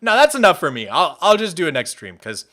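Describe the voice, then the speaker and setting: A man's voice: high voice, huge pitch swings, a little fast, bright, forceful tone. A young man chatting casually with his live-stream audience, rambling and often restarting his sentences. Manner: rambling, with frequent restarts and laughs.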